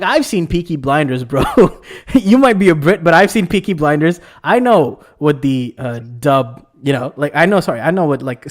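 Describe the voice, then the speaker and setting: A man hosting a casual anime discussion, rambling and excitable with lots of fillers and restarts. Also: a little high. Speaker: podcast host.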